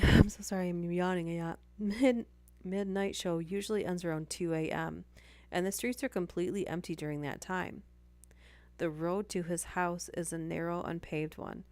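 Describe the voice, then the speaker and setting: A woman's voice: fairly low pitch, darkish tone, dry recording. A woman hosting a live stream, reading stories aloud and breaking off for chatty asides and apologies.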